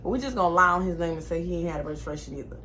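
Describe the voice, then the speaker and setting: Young woman vlogger, bright voice, chatty storyteller who cusses freely. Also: lowish voice, very fast, a little hiss or hum. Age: 20s. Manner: animated, chatty, swears freely. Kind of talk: casual storytime.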